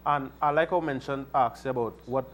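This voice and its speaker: A man's voice: mid-range voice, a little fast, slight background noise. A man co-hosting a talk show, asking questions in an earnest, emphatic way. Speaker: co-host. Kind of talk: casual talk-show chat.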